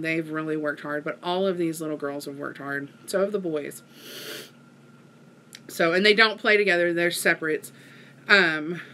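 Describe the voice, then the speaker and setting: A woman's voice: mid-range voice, pushed and bright, slight background noise. A middle-aged woman, chatting casually to her viewers and rambling through a story with lots of fillers. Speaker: vlogger.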